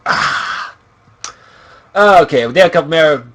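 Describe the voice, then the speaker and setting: A man's voice: on the high side, expressive, slow, fairly bright tone. A young man from Scotland, a streamer chatting casually in a profane, giggly, rambling way. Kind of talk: casual livestream chat.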